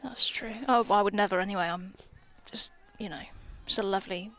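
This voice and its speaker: A woman's voice: medium pitch, fairly quick, fairly bright tone. A woman cricketer doing guest commentary on a live match from an outdoor gazebo, playful and teasing, on a headset mic. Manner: playful, teasing, giggly banter. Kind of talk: live sports commentary, casual chat. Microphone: headphones with mic.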